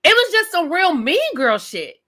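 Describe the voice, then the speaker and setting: A woman's voice: very high voice, big pitch swings, measured pace, a bit bright. A woman reviewing a reality TV show on a live stream, ranting with emphatic, profane commentary and talking straight to her viewers. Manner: direct address to viewers.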